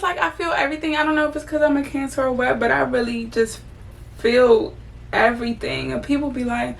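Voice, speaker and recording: A young woman vlogger with a high, creaky voice talks briskly, sounding far from the mic. While doing her makeup, she vents candidly and casually to her viewers in a get-ready-with-me video, swearing freely.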